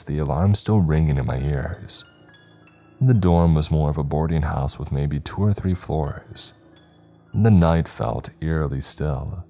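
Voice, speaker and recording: A man narrating a horror story in a measured, dramatic way. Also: a bass voice, warm tone. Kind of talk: scripted narration. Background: faint background music.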